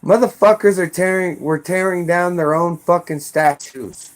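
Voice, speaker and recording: A man's voice: sits high, normal speed. An American man in middle age delivering an angry, profane political rant with heated outbursts. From United States. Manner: heated, profane, shouting bursts.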